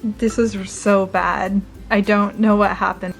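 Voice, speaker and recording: A young woman vlogging casually with her partner, giggly and excitable. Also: medium pitch, takes it slowly, creaky, faint music behind. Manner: giggly, excitable, shrieks with laughter. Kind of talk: casual chat.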